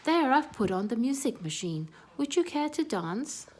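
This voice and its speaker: A woman voicing a grand, excitable female city mouse who talks in a high, shrill way. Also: normal speed, breathy edge, heavily acted. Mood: airy.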